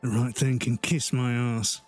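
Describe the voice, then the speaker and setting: A gravelly, throaty old Cockney, as a man acts him out in a video game, bitter and worn down. His voice sits in the back of the throat, made to sound aged and decrepit. The delivery is slow and grudging. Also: mid-range voice, level tone, faint music behind, lightly acted. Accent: light Cockney.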